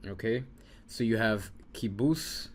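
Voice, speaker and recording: A man's voice: lowish voice, slow pace. A man teaching an informal lesson, patiently repeating sounds and muttering to himself while he writes. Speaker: Hebrew teacher.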